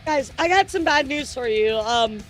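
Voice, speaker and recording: Over faint background music, a female streamer speaks at a moderate pace in a fairly high voice. She chats casually with viewers on her livestream, swearing freely while telling animated stories.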